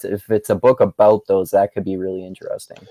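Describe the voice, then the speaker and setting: A man with a lowish voice chats on a podcast, engaged and thoughtful as he answers. His sound is dry and close, with no room echo. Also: level tone, quick pace, warm tone. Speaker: podcast co-host. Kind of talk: casual chat.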